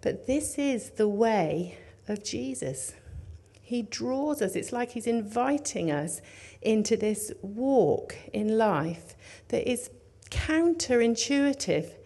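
A woman preaching a sermon in an earnest, conversational way, dropping to hushed tones and rising for emphasis. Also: a little high, lively intonation, slow, slightly rough.

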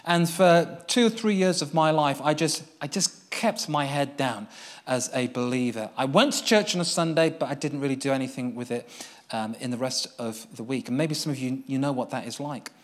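A young man preaching as he tells a personal testimony, earnest and storytelling, swinging from excited to hushed. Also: medium pitch, moderate pace.

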